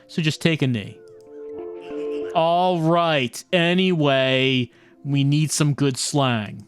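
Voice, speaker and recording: A small, energetic film director, pompous and brash, who insults everyone on set, as a streamer puts him on. He talks in an unhurried drawl. Soft game music plays quietly underneath. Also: mid-range voice, close to an everyday voice.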